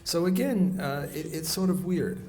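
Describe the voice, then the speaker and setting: A man with a weak, soft voice giving a classroom economics lecture, often stopping to restart and rephrase as he walks around the room. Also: a little high, lively intonation. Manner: halting, often restarts and rephrases mid-sentence. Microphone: recorder clipped on, kept in pocket.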